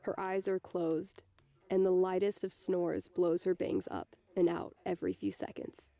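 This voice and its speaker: A woman reading a novel aloud in the first person, softly voicing the dialogue as she goes. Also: on the low side, little pitch movement, a little slow, gravelly, dry recording. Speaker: reader.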